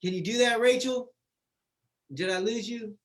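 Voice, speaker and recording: A man's voice: very high voice, moderate pace. A man sharing his life story in casual testimony, exuberant, calling out friends and saying "man" constantly.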